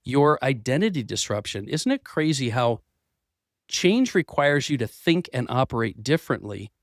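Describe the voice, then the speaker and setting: At normal speed and medium pitch, this man speaks in a sing-song way while hosting a motivational business podcast in an office. His voice is slightly worn from losing it, and he earnestly restarts phrases, repeating words. The sound is clean studio audio with no room sound.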